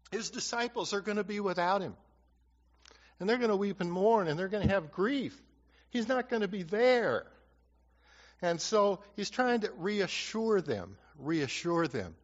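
Male preacher, slightly high voice, repeats key lines for emphasis, muffled recording in a long-echo hall. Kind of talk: sermon.

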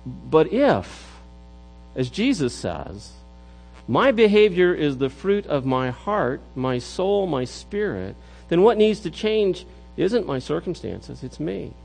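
A man's voice: a little high, big pitch swings, slow, gravelly, darkish tone, faint music behind, low-quality recording. A middle-aged man preaching a sermon in an earnest way, often repeating words as he builds a point. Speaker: pastor.

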